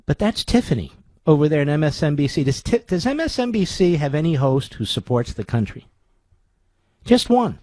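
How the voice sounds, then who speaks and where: A man's voice: a little high, big pitch swings, normal speed, a little mellow, no room sound. A man hosting a talk radio show, delivering a sarcastic, combative monologue full of rhetorical questions from a studio microphone.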